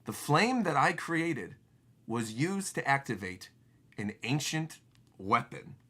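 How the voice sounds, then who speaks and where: A man reading the lines of an elderly male genius scientist, slow and solemn, full of regret. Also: mid-range voice, very animated, bright, forceful tone, heavily acted.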